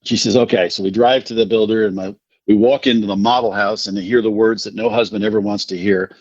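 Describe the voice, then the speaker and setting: Podcast guest, middle-aged man from New Jersey, rambling yarn-spinner, somewhat low voice, dry close audio. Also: quick pace, no room sound, dull audio. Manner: rambling, animated anecdotes with self-deprecating laughs. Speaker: podcast guest, recovery speaker. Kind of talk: casual storytelling.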